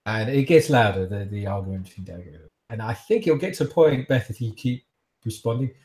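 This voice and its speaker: A man's voice: fairly low pitch, lively intonation, fairly quick, darkish tone. A man narrating as game master, rambling and hesitant, with many fillers.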